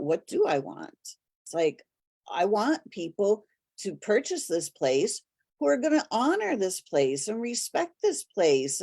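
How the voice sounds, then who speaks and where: A woman talking casually and earnestly, telling stories in a steady way. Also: mid-range voice. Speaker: host. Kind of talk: casual conversation.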